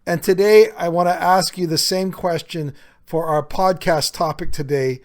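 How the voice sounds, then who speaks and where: A man's voice: a little high, steady tone, moderate pace. A man hosting a podcast, talking earnestly and conversationally with frequent small fillers. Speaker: podcast host. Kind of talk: reflective solo podcast talk.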